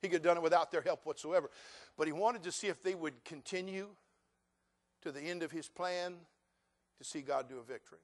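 With a fairly high-pitched voice and a fairly quick delivery, a middle-aged pastor gives a sermon. He shifts from homespun storytelling into forceful, loud preaching.

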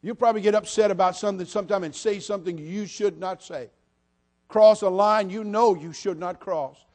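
A man preaching a sermon, telling funny stories and swinging between quiet asides and loud, repeated appeals to the congregation. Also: high-pitched, fairly quick. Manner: humorous storytelling, repeats "listen to me".

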